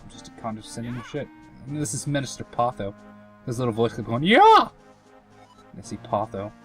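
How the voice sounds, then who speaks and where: A man's voice: on the low side, a little mellow. Rambling young man commenting on gameplay. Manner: rambling, filler-heavy, self-mocking. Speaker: let's play commentator.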